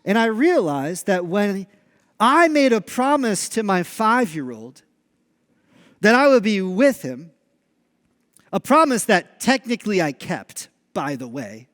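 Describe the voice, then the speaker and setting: Male pastor, high voice, lively storyteller, reverberant church hall. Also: slow, long pauses. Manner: animated storyteller, acts out dialogue. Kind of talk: sermon. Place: church sanctuary.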